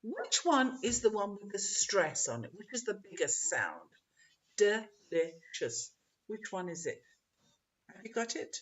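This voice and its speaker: A woman teacher trainer leading an online webinar, encouraging and modeling pronunciation slowly. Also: medium pitch, sing-song, a bit bright. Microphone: video call. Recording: dull lo-fi webinar audio.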